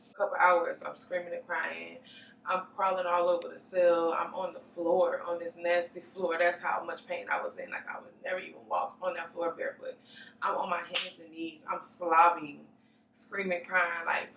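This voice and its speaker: A young woman giving a personal testimony in an interview, recounting events earnestly and haltingly, often restarting her sentences. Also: on the low side, gravelly, fairly bright tone. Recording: echoey room, distant mic, faint noise.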